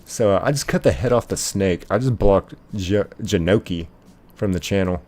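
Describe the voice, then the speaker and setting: A man with a fairly low voice hosts a casual live stream, reading out viewer messages and replying to each one. He rambles a little and leans on "like" as he talks things through. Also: normal speed, darkish tone. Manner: reads viewer chat aloud and answers it; rambling, many filler "like"s.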